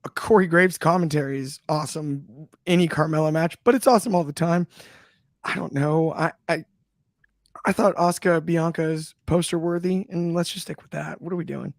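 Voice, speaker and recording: A man co-hosts a casual chat show with eager enthusiasm, stumbling and restarting as he talks. His slightly high voice has a strong gravelly fry. The sound is dry and close to the mic. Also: normal speed, dry recording. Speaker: podcast co-host.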